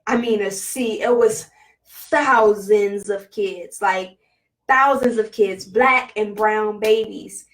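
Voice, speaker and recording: A woman vlogger telling a personal spiritual story in a casual, halting way, full of fillers and emotion. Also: medium pitch, distant mic, poor audio.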